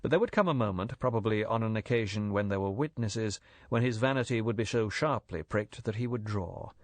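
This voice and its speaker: Male narrator, low and dry, measured thriller read. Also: no room sound. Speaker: audiobook narrator. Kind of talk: scripted narration.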